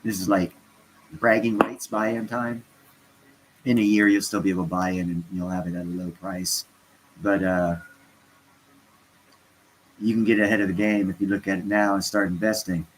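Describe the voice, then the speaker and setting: A man's voice: deep voice, level tone, normal speed, pauses often, a little hiss or hum, poor audio. A stoned man chatting casually on a livestream, rambling and interrupting himself as he talks to his viewers. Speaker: crypto vlogger.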